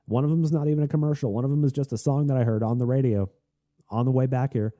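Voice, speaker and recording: A man hosting a solo podcast, talking in a rambling, chatty and excitable way. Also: mid-range voice, quick pace, no echo, clean studio sound. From Tennessee. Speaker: podcast host.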